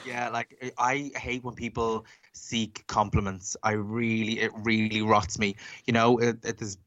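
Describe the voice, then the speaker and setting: A man chatting casually, telling a story in an animated way and acting out what people said. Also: on the low side, unhurried, dull audio. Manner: animated, acts out quotes.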